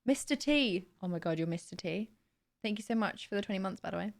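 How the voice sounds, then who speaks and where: A woman's voice: medium pitch, expressive, fast, creaky. A young woman streamer in casual live-stream chat, laughing often and reading out chat messages.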